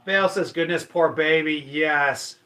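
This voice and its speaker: Man, Michigan, casual livestream host, chatty, bright voice, slightly high. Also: a little slow. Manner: chatty, upbeat, greets viewers by name. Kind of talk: casual livestream chat, reading viewer comments.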